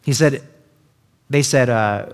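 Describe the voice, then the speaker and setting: Relaxed and chatty, a man teaches a Bible passage in a voice pitched in the middle of the male range. He keeps tossing quick asides at his listeners, with plenty of "like" and "right?"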